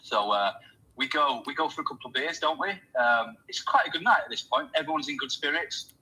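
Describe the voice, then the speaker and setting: Husky guy hosting a chat, telling a story and doing everyone's lines. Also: fairly high pitch, fairly quick, low-quality recording. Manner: animated storyteller, acts out quoted voices. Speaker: host.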